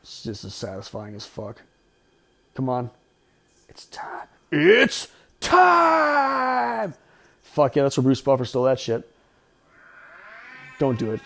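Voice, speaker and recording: This podcast host has a medium-pitched, slightly mellow voice and delivers laid-back, profane wisecracks while a movie plays. A faint film soundtrack can be heard in the background.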